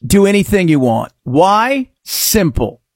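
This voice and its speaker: Middle-aged male radio host, high and lively, sarcastic, dry booth sound. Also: slow, no echo. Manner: sarcastic, animated, swings between mutters and outbursts. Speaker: radio talk-show host. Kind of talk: opinionated talk radio monologue.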